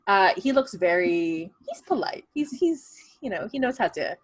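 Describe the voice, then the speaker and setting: A woman's voice: mid-range voice, very animated, normal speed, husky, no echo. A woman narrating a tabletop game as game master in a chatty, rambling way. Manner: chatty, many fillers and restarts, laughs.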